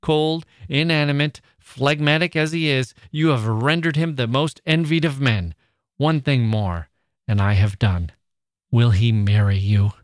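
A man reading aloud and voicing a jealous 18th-century gentleman who pleads and rages theatrically. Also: medium pitch, fairly even intonation, unhurried, dry recording, clean studio sound, lightly acted. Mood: furious. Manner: impassioned, theatrical outbursts.

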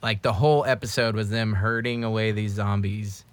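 A man's voice: fairly low pitch, steady tone, normal speed. A man in a casual chat, making blunt, short remarks.

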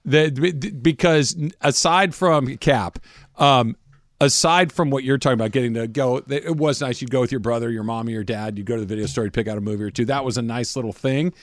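A man's voice: medium pitch, fairly even intonation, brisk, no room sound, studio quality. A man hosting sports talk radio, casual and emphatic, repeating his points.

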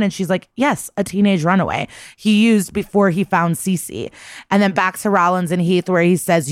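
Woman, lower voice, dry close mic, casual profane recap. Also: fairly quick, dry recording. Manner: chatty, profane, acts out quoted lines. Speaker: podcast co-host.

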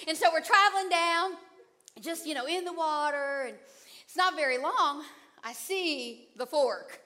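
High, bright-voiced woman telling a sermon story. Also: moderate pace. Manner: animated storyteller, acts out her own panic and her husband's calm. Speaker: preacher.

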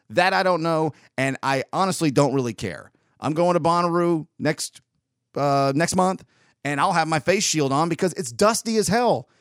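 A man's voice: fairly high pitch, no room sound. Rambling opinionated man, dry close sound. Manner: rambling, opinionated, with frequent restarts. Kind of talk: casual monologue.

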